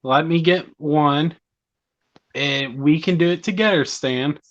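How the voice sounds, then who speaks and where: A man joins a late-night stream chat, speaking slowly and in a laid-back way. His voice sits a bit high for a man. The audio is dull and lo-fi. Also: fairly bright tone. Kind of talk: casual chat.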